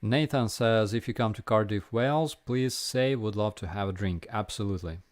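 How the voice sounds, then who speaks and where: A young man with a Ukrainian accent and a fairly low voice hosts a casual live stream Q&A. He answers viewer questions haltingly, with lots of fillers and restarts.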